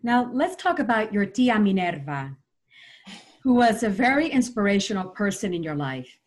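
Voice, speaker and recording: A woman interviewer asking questions and affirming the guest, gently emotional. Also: medium pitch, big pitch swings, normal speed.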